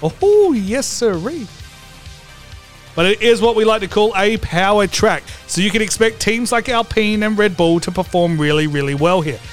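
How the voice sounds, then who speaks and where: Brash, high-voiced man hosting a comedy vlog. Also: expressive, normal speed, soft background music. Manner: brash, profane and theatrical. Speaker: host. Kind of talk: comedic motor racing preview vlog.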